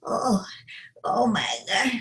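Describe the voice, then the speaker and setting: A tired old woman groans about her aching back in a breathy, half-whispered voice, as a woman puts her on. She rambles and loses her thread, pitched a little above her everyday voice. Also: slow, a bit bright. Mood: achy, muddled. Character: weary older woman, aching, forgetful.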